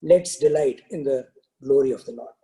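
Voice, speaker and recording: A man voicing a calm royal minister in a parable, speaking gently in a slightly lower voice. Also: moderate pace, breathy edge, low-quality recording. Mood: serene.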